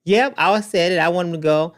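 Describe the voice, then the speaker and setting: A man's voice: sits high, a little fast. A man hosting a casual commentary show, reacting to news clips and talking straight to his viewers, often repeating himself. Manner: animated, repeats himself, talks to viewers directly.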